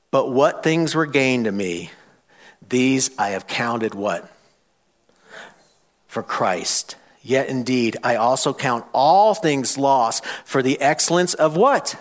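In church, a pastor with a medium-pitched, lively voice takes his time preaching. He reads scripture aloud with emphasis and leads call-and-response, putting questions to the congregation and rising to loud challenges.

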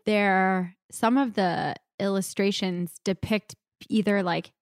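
A woman's voice: mid-range voice, steady tone, slow pace, no room sound, studio quality. A woman co-hosting a casual chat, curious and asking questions.

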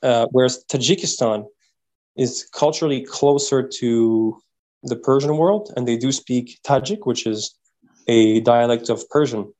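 A man's voice: medium pitch, a little slow, low-quality recording. Man telling travel stories. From Quebec, Canada. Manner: animated, repeats words while thinking. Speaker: podcast guest, traveller. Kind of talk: casual interview storytelling.

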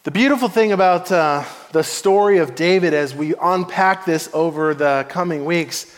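A man's voice: a little high, moderate pace, long reverb tail. A man preaching a sermon, telling a story playfully and acting out the voices of its figures. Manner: animated, playful storytelling with acted quotes. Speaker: pastor.

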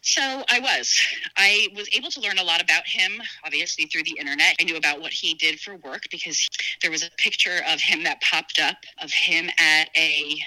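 A woman from New Jersey, a podcast guest telling her own story in a casual, animated way and acting out quoted voices. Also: normal speed, rough recording. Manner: animated, acts out quoted dialogue with big pitch jumps.

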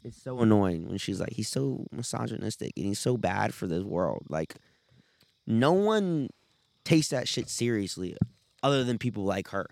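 A young man co-hosting a laid-back podcast with a friend, telling loud stories full of swearing. He laughs often while he talks. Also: on the low side, expressive, moderate pace, vocal fry, no echo. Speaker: podcast co-host. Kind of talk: casual podcast chat.

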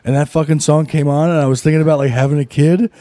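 A man's voice: a little high, fairly even intonation, quick pace, dark tone, no room sound. A young man, a podcast guest, chatting casually, swearing, laughing easily and breaking into song. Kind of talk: casual chat.

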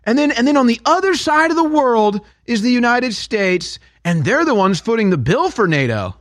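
A man's voice: extremely high pitch, very animated, normal speed, no echo. A man hosting a talk radio show, delivering a sarcastic, heated opinion monologue in a studio.

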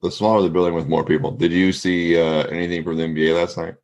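A man with a very low, deep voice talks sports with a co-host on a casual podcast. He rambles, leans on fillers, and perks up when he retells a moment from a game. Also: flat delivery, fast, a little mellow.

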